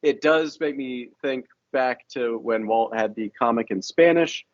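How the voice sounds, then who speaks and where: A man co-hosting a podcast in casual, expressive chat. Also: medium pitch, measured pace, no room sound, muffled recording. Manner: expressive, chatty, lots of fillers. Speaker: podcast co-host.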